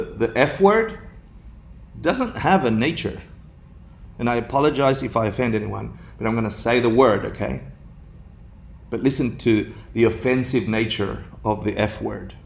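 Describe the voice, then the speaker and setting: Gravelly, jokey man giving a dharma talk. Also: medium pitch. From Argentina. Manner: animated, jokey, laughs often. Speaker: dharma teacher.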